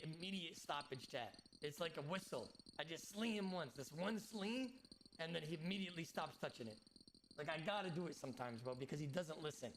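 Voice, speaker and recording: A man chatting casually to his livestream chat while gaming, animated and swearing freely. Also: a little high, slight background noise. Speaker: game streamer.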